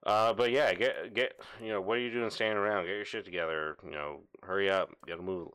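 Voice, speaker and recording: A man with a notably low voice chatting casually during a word game. He is blunt and plainspoken. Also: steady tone, a little fast, a bit bright, clear, resonant tone. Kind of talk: casual chat, guessing game.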